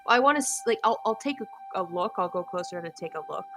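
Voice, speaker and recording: A woman's voice: lowish voice, lively intonation, quick pace, fairly bright tone, faint music behind. A woman playing a tabletop game, hesitantly thinking out her character's moves and trailing off. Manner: hesitant, trailing off while deciding. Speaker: player. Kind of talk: casual tabletop play.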